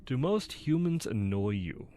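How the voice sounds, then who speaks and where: A man's voice: medium pitch, sing-song, a little slow, warm tone. A man reading personality test questions aloud and answering them candidly, rambling and often laughing at himself. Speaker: YouTuber taking an online personality test. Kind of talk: casual self-recorded talk, reading questions aloud and answering.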